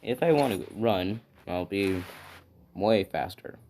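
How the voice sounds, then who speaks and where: A man voicing an easygoing young male hero student in a retold fan story, speaking in a relaxed, offhand way. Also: sits low, slow, slight background noise, heavily acted.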